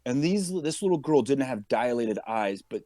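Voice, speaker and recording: Speaking at a normal speed in a medium-pitched voice with no echo, a man who is a police officer and podcast guest recounts a story casually. He brings it to life by playing the characters and performing their lines.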